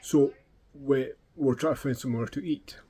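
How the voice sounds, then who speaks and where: A man's voice: mid-range voice, fairly even intonation, moderate pace, mellow, slightly rough. A middle-aged Scottish man telling casual, swearing anecdotes and acting out the dialogue. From Scotland. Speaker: vlogger. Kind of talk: casual storytelling.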